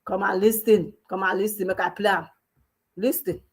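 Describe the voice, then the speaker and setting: A woman's voice: mid-range voice, fairly even intonation, moderate pace, breathy edge. A woman with a Nigerian accent ranting in an emphatic, scolding way as a vlogger, mixing in pidgin and local phrases. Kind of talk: ranting commentary.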